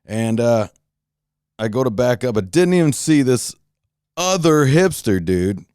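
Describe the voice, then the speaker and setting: A man hosting a podcast, telling a profane, animated story in a casual rant with many restarts. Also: medium pitch, unhurried, clear, resonant tone, no room sound, clean studio sound. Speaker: podcast host.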